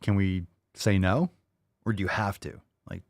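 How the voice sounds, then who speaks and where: A podcast host giving blunt, mocking reaction commentary, often profane. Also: male voice, low-pitched, fairly even intonation, unhurried, pauses often, dry recording, clean studio sound.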